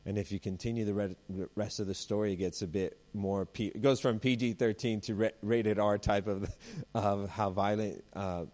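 A man's voice: lowish voice, steady tone, normal speed, a little mellow. A male pastor delivering a sermon in an easy, conversational tone. He moves between everyday family stories and scripture and acts out the voices of the people he quotes.

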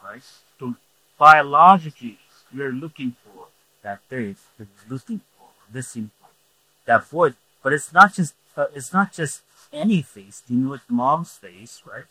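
A man's voice: mid-range voice, lively intonation, unhurried, pushed and bright, no echo, low-quality recording. A man preaching a sermon who restates his points and keeps asking the congregation "right?". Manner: repeats points, asks the room "right?". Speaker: pastor.

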